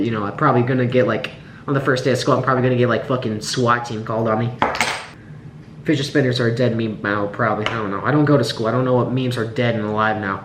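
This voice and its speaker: A man's voice: on the high side, a bit bright, slight background noise. Sarcastic, profane teen guy ranting. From Nebraska, USA. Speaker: vlogger. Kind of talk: casual vlog rant. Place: indoor room by a window. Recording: roomy, echoey room.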